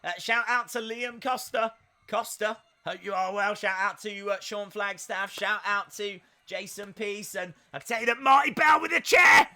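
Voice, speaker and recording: A man hosting a live wrestling watch-along stream, commenting in a jokey, excitable way and breaking into shouts at big moments. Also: high-pitched, moderate pace.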